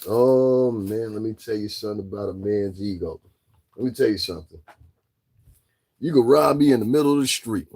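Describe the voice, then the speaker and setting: A man's voice: fairly low pitch, normal speed, a little mellow. A man giving casual commentary as a vlogger, talking straight to his listeners and firing off taunting rhetorical questions. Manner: addresses listeners directly.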